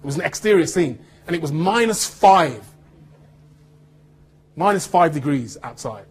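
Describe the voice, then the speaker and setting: English man, actor, animated storyteller, husky, slightly high voice. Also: a little slow. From United Kingdom. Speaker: actor giving a talk to students. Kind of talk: anecdotal talk with audience.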